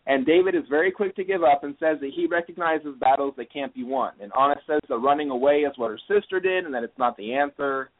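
A man's voice: a little high, quick pace, hardly any pauses. A man hosting a podcast, recapping an episode in a casual, rambling way full of fillers. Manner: rambling, lots of "you know" fillers. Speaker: podcast host. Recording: tinny phone-like line.

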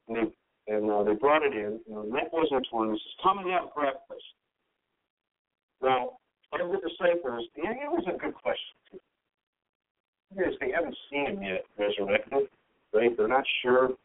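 A man's voice: mid-range voice, big pitch swings, moderate pace, creaky, phone-quality sound. A man preaching a sermon, reading scripture, acting out its quoted lines and talking to listeners in a conversational, joking way. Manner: conversational, with jokes and asked questions. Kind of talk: sermon, Bible teaching.

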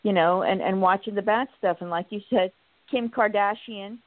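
A woman hosting a political talk show, speaking in a halting way with many restarts and telling stories with acted-out quotes. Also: mid-range voice, dry recording. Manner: animated storytelling, acts out quotes. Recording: tinny phone-like line.

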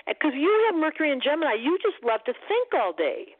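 A woman's voice: high-pitched, big pitch swings, fast. A woman astrologer giving call-in readings on the radio, playful and emphatic, joking with callers. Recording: phone-like narrow band.

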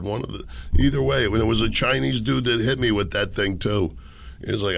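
A man hosting a podcast while sick and losing his voice. He rambles and makes sarcastic, muttered asides into a desk boom mic. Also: normal speed, creaky, bright, forceful tone. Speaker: podcast host. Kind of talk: casual commentary monologue. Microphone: boom microphone on a desk.

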